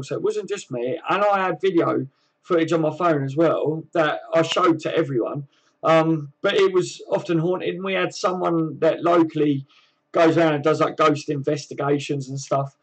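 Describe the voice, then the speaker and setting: A man's voice: a little high, low-quality recording. A man hosting a fan live stream, reading viewer comments aloud and chatting back in a laid-back, slangy way.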